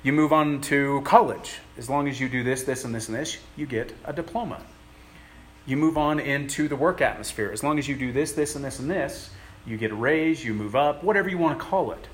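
A man giving a conversational sermon, earnest and plain-spoken, pausing often as he works through his thoughts. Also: mid-range voice, slight background noise. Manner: earnest, plain-spoken, halting with many pauses. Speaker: preacher.

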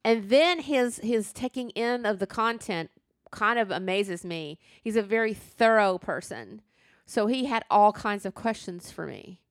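A woman's voice: medium pitch, expressive, measured pace, no room sound, studio quality. A woman hosting a podcast in casual chat, telling stories and acting out what others said. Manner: chatty storyteller, acts out quoted reactions. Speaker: podcast host.

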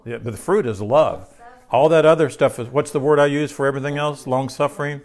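A man's voice: medium pitch, steady tone, brisk, a little mellow. A man preaching a sermon in a conversational way, asking his listeners questions and repeating key phrases. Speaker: pastor.

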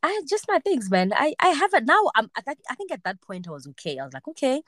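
A woman's voice: high-pitched, quick pace, dry recording. Chatty woman in her twenties, dry sound. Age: 20s. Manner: animated storytelling, acts out quoted voices. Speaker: podcast host. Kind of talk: casual chat.

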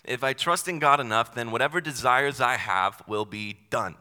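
A man's voice: medium pitch, moderate pace, bright, forceful tone. A young man preaching a sermon in a casual, conversational way, with self-deprecating asides. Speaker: pastor. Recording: long hall reverb.

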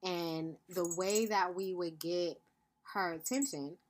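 A woman's voice: on the low side, slow, a little hiss or hum. Earnest woman podcaster thinking aloud. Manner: earnest, thinks aloud with frequent "right?" check-ins; calls listeners "beloved". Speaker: podcast host. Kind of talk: reflective podcast monologue.

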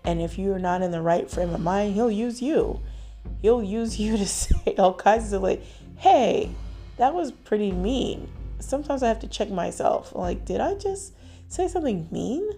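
A woman hosting a casual faith talk show, reflective and quick to laugh, acting out the lines she quotes. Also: fairly low pitch, creaky, dark tone. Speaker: podcast host.

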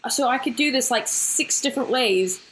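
A woman's voice: sits high, moderate pace, a bit bright, a little hiss or hum, rough recording. A woman co-hosting a podcast, a former compositor, chatting casually with many "like" fillers and easy laughs. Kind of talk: casual chat.

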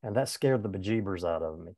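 Older male former pastor for a conversation piece: earnest, candid storyteller, warm mellow tone, dry close sound. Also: sits low, expressive, fast talker, no room sound. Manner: earnest, candid, with frequent restarts. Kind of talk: reflective personal storytelling in conversation.

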